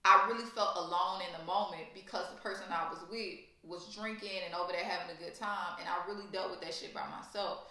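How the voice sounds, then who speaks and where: Young woman, louisiana accent, bright forceful voice, animated cussing storyteller, echoey room. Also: fairly low pitch, a little fast, hardly any pauses. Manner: animated, profane, emphatic storytelling. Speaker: storytime vlogger. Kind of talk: casual storytelling vlog.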